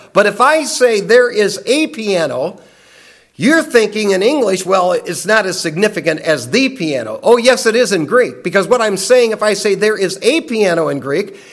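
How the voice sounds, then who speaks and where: An older man with a high-pitched voice teaches an evening Bible class. He talks emphatically, driving points home with stories and pointed asides. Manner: emphatic, storytelling, dismissive asides.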